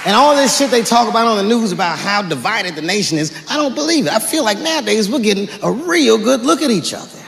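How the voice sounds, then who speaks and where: A male stand-up comic with a fairly high, gravelly voice delivers deadpan, profane bits and stretches his punchlines. He plays to a big echoey hall, and a crowd murmurs and laughs behind him. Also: fast, hardly any pauses. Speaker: stand-up comedian. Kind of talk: stand-up comedy set. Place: stage in a large hall before a live audience. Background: audience laughter and murmur.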